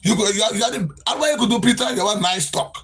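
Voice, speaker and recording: A Grenadian man hosting a livestream, delivering a fiery political rant. His voice sits high and sounds husky. He keeps circling back to the same phrases in a lilting, sing-song cadence. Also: fast talker, a bit bright, soft background music. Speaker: livestream host.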